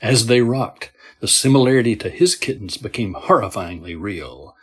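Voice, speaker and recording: Man, husky voice, horror story narration, steady and measured. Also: on the low side.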